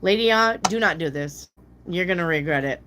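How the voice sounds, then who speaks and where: In a laid-back live tarot stream, a woman answers viewer questions bluntly, swears freely and mimics people in a high-pitched voice. She sounds animated, keeps a moderate pace, and there's background noise.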